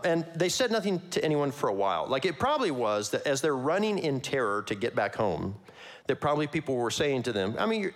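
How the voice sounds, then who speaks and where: A man preaching a conversational sermon, casual and animated, with slangy asides and frequent laughs. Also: mid-range voice. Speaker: pastor.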